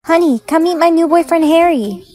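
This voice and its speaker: A synthetic woman's voice reading side characters in short POV skits with a flat, machine-like delivery. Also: very high voice, normal speed. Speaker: text-to-speech storyteller. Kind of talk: text-to-speech POV skit narration.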